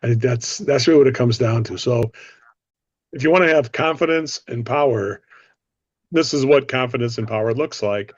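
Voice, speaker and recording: A man's voice: mid-range voice, moderate pace, no room sound, dull audio. A man hosting a sales training discussion, coaching and drawing others in with questions. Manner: coaching, asks others for their views. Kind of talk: casual group discussion.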